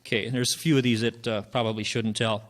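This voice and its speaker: A man's voice: mid-range voice, level tone, quick pace. A man telling jokes at an open mic in a folksy, rambling way, chuckling at his own punchlines. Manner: folksy, rambling storytelling with fillers. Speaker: open mic joke teller.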